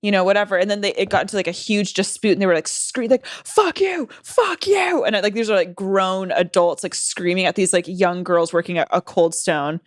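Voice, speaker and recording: A woman's voice: on the low side, level tone, quick pace, few pauses, dry recording, studio quality. A woman co-hosting a casual podcast, reading listener stories aloud with blunt, profane commentary and frequent laughs. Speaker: podcast co-host.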